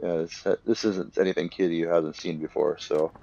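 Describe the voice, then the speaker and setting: A young man giving rambling, casual commentary over a game, acting out the characters' lines in quick bursts. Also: sits low, steady tone, vocal fry, mellow, lo-fi sound. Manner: rambling, filler-heavy, acts out characters' lines. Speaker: let's play commentator.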